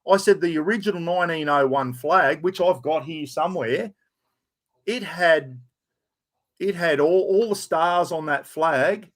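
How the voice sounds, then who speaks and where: Aussie bloke mid-aged, swearing heaps, ranting to camera, voice a bit high. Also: male voice, a little slow. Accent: Australian. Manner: blunt, heavily profane, heated storytelling. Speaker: vlogger. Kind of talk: casual rant to camera.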